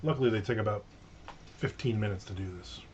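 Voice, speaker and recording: With a fairly low, slightly mellow voice, a middle-aged livestream host speaks fast while telling rambling stories laced with jokes. He's streaming from home with the windows open, and the lo-fi audio is slightly dull with a little hiss or hum.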